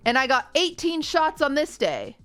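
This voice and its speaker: A woman's voice: high voice, moderate pace, no echo. A young woman streamer chatting casually with her viewers and acting out what people said. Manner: animated storytelling, acting out other people's lines.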